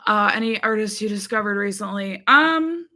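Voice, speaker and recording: Here a woman from the US runs a relaxed live stream, going through comments and welcoming people by name, often saying "um." She speaks at normal speed in an expressive, mid-range voice that's bright and forceful.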